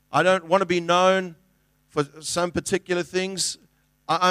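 A man's voice: high-pitched, fairly bright tone, clear, resonant tone, dry recording, clean studio sound. Earnest pastor, a man preaching. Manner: conversational, earnest, with frequent restarts and acted-out quotes. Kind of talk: sermon.

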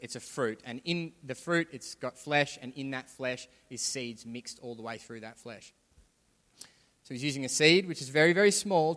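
Pastor preaching in a reverberant hall. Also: male voice, a little high, fairly bright tone. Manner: conversational preaching, rising to emphatic. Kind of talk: sermon. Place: church hall.

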